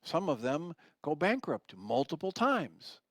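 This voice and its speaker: A man's voice: a little high, very animated, measured pace, dry recording. A man giving a radio teaching talk, reading passages from a book and explaining them in an earnest, reflective way.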